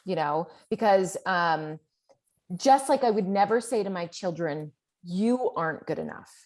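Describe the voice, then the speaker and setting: A middle-aged woman talking as a guest author in an interview, candid and animated, with plenty of fillers as she tells her story. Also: lowish voice, unhurried. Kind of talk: conversational interview.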